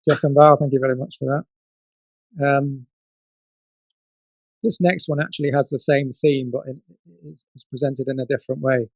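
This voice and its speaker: A man reading his comic poems at a book launch, theatrical, swinging from loud outbursts to soft murmurs. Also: mid-range voice, steady tone, moderate pace, creaky, pauses often, dry recording, dull audio. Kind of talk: comic poetry reading and casual asides.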